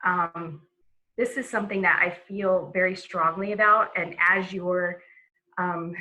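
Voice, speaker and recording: A woman giving a relaxed webinar lesson on a video call, talking casually with many fillers and restarts. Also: on the low side, unhurried, very noisy. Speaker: presenter.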